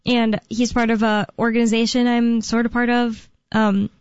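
Chatty higher-voiced woman radio host. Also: little pitch movement, normal speed, a little mellow, smooth, dry recording. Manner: chatty, rambling, laughs often. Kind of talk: casual talk radio chat. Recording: dull lo-fi radio sound.

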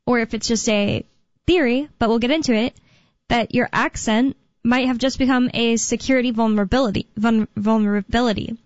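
A woman's voice: a little high, no room sound, muffled recording. A young woman co-hosting a talk radio show, chatting casually and thinking aloud with lots of fillers.

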